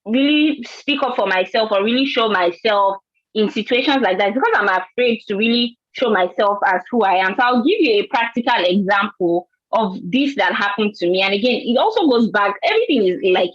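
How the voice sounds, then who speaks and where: A woman's voice: mid-range voice, expressive, brisk, dry recording, dull audio. A woman from Nigeria with a Nigerian accent, telling an earnest personal story on a panel and often repeating words. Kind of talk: panel discussion.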